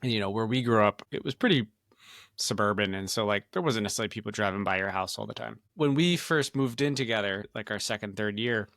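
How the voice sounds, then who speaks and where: A middle-aged man co-hosting a podcast in casual chat, relaxed and rambling with many fillers. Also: on the low side, fast, no room sound, studio quality. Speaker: podcast co-host.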